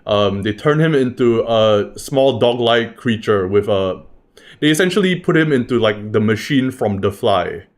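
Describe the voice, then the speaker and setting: A man's voice: lowish voice, lively intonation, unhurried. A man recapping a tabletop game session in a loose, rambling way, swearing freely. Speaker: game master recapping a campaign. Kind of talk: casual spoken recap.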